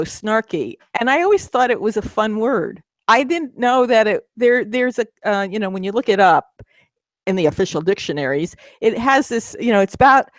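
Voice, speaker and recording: A woman's voice: a little high, no echo. Chatty middle-aged woman, dry close sound. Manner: chatty, many restarts and fillers, laughs while telling. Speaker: co-host, midlife coach. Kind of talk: casual chat.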